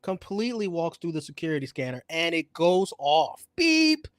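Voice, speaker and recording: A man co-hosting a casual review show, talking in a lively way and laughing easily. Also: on the high side, moderate pace, no echo, clean studio sound. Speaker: podcast co-host. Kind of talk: casual wrestling review chat.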